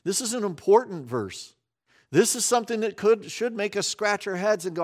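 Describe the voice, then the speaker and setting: A male pastor delivering a sermon with a slightly high-pitched voice. He tells the story with animation, acting out its scenes and then falling quiet. The delivery is conversational and expressive. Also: moderate pace.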